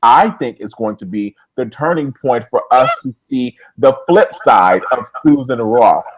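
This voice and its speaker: A man's voice: mid-range voice, animated, unhurried, rough recording. A man co-hosting a TV recap podcast, bantering with enthusiasm. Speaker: podcast co-host. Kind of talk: TV episode recap chat.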